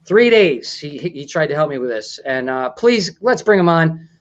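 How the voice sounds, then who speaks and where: A man with a fairly high voice hosts a casual talk show, rambling along and often breaking into laughs. The sound is a little dull and lo-fi. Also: big pitch swings, normal speed.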